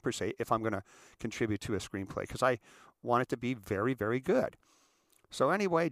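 A man, an author answering questions, telling a long story in a lively casual way with frequent repeated words and asides. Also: mid-range voice, fast talker, no room sound.

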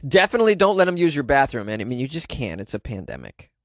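A young adult man hosting a comedy podcast from a closet, riffing in an animated, self-mocking way. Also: mid-range voice, fast, no room sound, studio quality. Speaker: podcast host.

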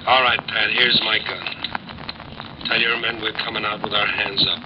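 A man's voice: lowish voice, level tone, moderate pace, lo-fi sound, lightly acted. Billy the Kid, a laconic outlaw voiced by a man on hissy old radio. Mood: pleading. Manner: laconic drawling frontier speech. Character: young male outlaw, hunted and defiant. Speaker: narrator and lead character. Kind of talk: 1950s radio drama.

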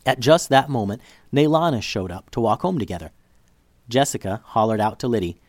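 Expressive man reading a children's story. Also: medium pitch, brisk, no echo, clean studio sound.

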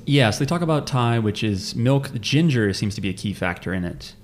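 Man podcast co-host, casual rambling recap at a mid pitch. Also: animated, fairly quick, faint music behind. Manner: rambling with many ums and restarts. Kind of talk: casual anime recap chat.

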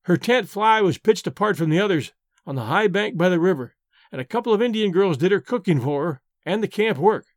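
A man voices an old storyteller, earnest and a little solemn, reminiscing over his glass. The voice sits high for a man, recorded dry and close with no room around it. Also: animated, a little fast, dry recording. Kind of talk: audiobook reading.

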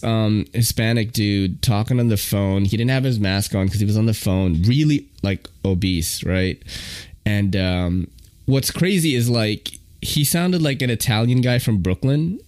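A man's voice: medium pitch, darkish tone, dry recording, clean studio sound. A young man hosting a solo podcast in casual, rambling chat, slangy and swearing freely. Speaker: podcast host.

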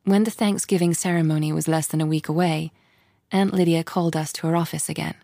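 A woman narrating an audiobook in the first person, quiet and reflective. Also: sits low, flat delivery, fairly quick, creaky, no room sound, clean studio sound.

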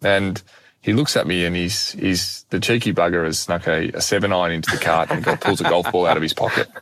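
A young man, an animated, self-deprecating guest telling a personal story in conversation. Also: low-pitched, brisk, dry recording. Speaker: guest speaker.

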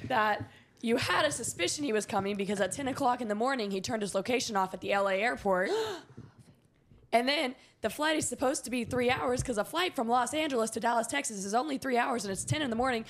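A young woman in casual group chat, telling a long story dramatically and acting out quoted lines. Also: on the high side.

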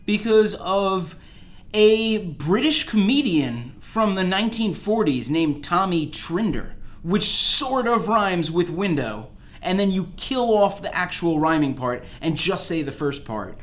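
Animated and a little slow, a young man from the United States speaks in a high-pitched voice. As a podcast host, he chats loosely and spins joking stories, leaning on filler "like"s and frequently starting over.

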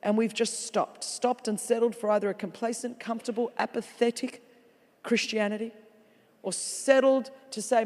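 A woman preaching a sermon as a guest speaker in a large church, animated and playful, with comic asides. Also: fairly high pitch, moderate pace. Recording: long reverb of a large hall.

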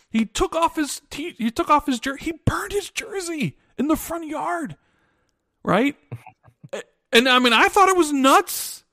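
A man's voice: very high voice, pushed and bright, dry recording, clean studio sound. A man in his thirties, co-hosting a podcast, who chats casually and tells rambling stories with many restarts. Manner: rambling storyteller, restarts often. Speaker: podcast co-host. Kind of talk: casual chat.

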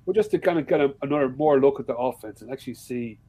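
A man's voice: medium pitch, fast, poor audio. Sweary Irish man chatting casually. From Ireland. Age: adult, with a father-in-law. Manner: swears freely, animated storytelling. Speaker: podcast guest. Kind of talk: casual chat.

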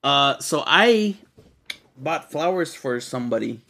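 A young man chatting on his podcast, with a pitch that swings up and down as he talks. He is loose and animated, swears a lot and calls his co-host dude and bro. He speaks into a close studio mic. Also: unhurried, vocal fry. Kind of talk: casual podcast chat.

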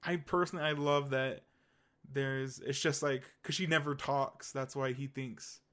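A young man chats casually as a podcast co-host, his voice sitting at an ordinary middle pitch. He rambles enthusiastically, piling up fillers and restarts as he goes. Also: fairly even intonation, a little slow, a bit bright. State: hiccups. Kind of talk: casual chat.

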